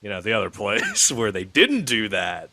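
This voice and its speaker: A man's voice: lowish voice, very animated, normal speed, pushed and bright, no room sound. A man co-hosting a podcast remotely in casual chat, rambling and swearing, padding his talk with "like.". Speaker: podcast co-host. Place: on the road, remote call.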